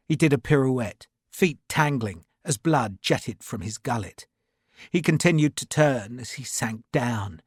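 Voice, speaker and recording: Lively male audiobook narrator. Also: mid-range voice, breathy edge, no echo, studio quality. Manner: vivid, dramatic storytelling. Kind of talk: scripted narration.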